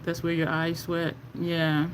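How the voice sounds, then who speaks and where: A woman's voice: sits low, monotone, slow, background noise. A woman chatting casually as she does her makeup on a livestream, rambling through stories and talking to viewers. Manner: chatty, rambling storyteller, Southern-style "y'all" slang. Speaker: makeup vlogger.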